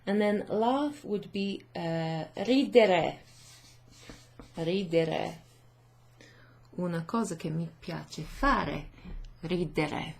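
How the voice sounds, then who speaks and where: Woman language tutor with a gravelly, low-pitched voice. Slow, thinking-aloud delivery. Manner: unhurried, thinking aloud with many fillers. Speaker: language teacher. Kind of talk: explaining grammar to students.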